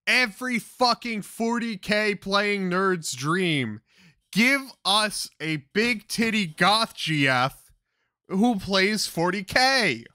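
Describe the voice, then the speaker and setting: A young man rants in a bright, tense voice, dragging his words out slowly while swearing and scoffing. The sound is dry and close, with almost no room around it. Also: high-pitched, no echo. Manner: crude, exasperated, swearing constantly. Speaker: commentator reacting to clips. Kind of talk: profane ranting commentary.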